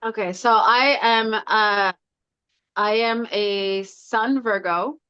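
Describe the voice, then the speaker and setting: A woman's voice: mid-range voice, slow pace, smooth, no echo. A woman hosting a casual chat over a video call, playful and self-mocking. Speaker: host. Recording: dull, dry lo-fi audio.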